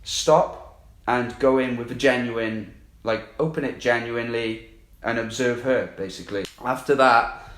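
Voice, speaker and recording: A man's voice: mid-range voice, measured pace, fairly bright tone. A man, a coaching client, candidly recounting his experience in a rambling, profanity-heavy way. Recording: roomy echo.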